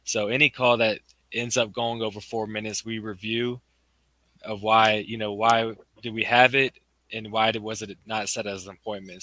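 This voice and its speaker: Bright-toned man, flat delivery. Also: fairly low pitch, dry recording, poor audio. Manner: explanatory, frequent "you know". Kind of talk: casual explanation.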